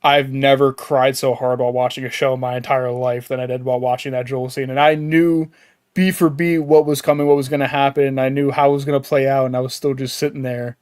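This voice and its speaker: A man's voice: medium pitch, level tone, brisk, a little mellow, clear, resonant tone, no echo, studio quality. A man co-hosting a casual podcast, telling stories animatedly and laughing often. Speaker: podcast co-host. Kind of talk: casual chat.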